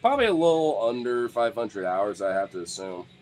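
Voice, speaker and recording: A man's voice: medium pitch, sing-song, brisk, darkish tone, slight background noise. A man chatting casually on a live stream from home, rambling, swearing freely and laughing between thoughts. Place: home with dogs.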